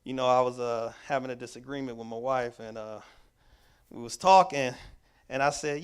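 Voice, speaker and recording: A man's voice: medium pitch, moderate pace, smooth. Emphatic man teaching a workshop. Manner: emphatic, repetitive preaching cadence; casual, conversational grammar. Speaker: workshop presenter. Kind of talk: teaching talk to a church audience.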